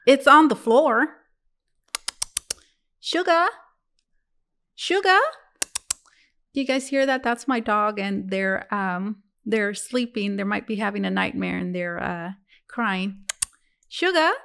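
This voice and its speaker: A woman's voice: medium pitch, unhurried, creaky, fairly bright tone. A woman reading tarot cards for her viewers in a casual, musing way, talking to them as guys. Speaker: tarot reader.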